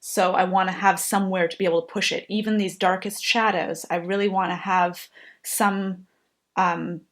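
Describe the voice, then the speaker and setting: Low-voiced woman teaching painting gently. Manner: gentle, thoughtful, explains while working. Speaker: painting instructor. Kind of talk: painting tutorial narration.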